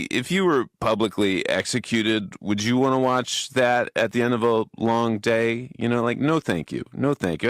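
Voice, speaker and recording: A man's voice: on the low side, dry recording, studio quality, lightly acted. Jesus, a man playing a laid-back joking podcaster. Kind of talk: comedy sketch.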